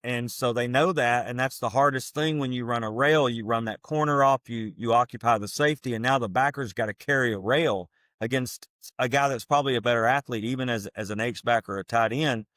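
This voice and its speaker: A man talks football like the coach he once was, earnest and emphatic as he drives home his points. His voice sits at a middle pitch and sounds close and dry, with no room around it. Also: brisk, fairly bright tone, no room sound. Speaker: podcast co-host, former football coach. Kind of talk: casual football analysis chat.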